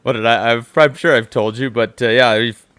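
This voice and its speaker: A man on a hunting podcast, telling stories in a loose, profane, animated way. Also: medium pitch, moderate pace, clean tone, dry recording. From British Columbia, Canada. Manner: profane, animated, swears constantly. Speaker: podcast host. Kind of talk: casual chat, storytelling.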